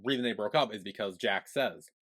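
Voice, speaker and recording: A young man co-hosting a podcast in casual chat, retelling plot and quoting the characters in a low, soft voice. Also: fairly quick. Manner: relaxed storyteller, quotes the characters in a low soft voice. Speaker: podcast co-host.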